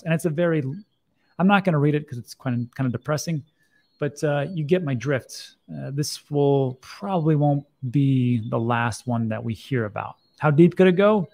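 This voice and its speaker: A gravelly, fry-edged man's voice, a bit higher than most men's, talking through crypto news in an offhand, wry way. He's middle-aged and loose, full of restarts and side comments. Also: lively intonation, moderate pace, darkish tone. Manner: chatty, wry asides, restarts. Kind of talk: casual commentary.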